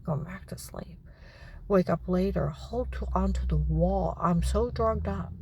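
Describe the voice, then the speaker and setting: Unhurried and indignant, a woman vlogger rambles through a personal monologue in a low, gravelly voice that often falls to a whisper. A faint background noise sits beneath it.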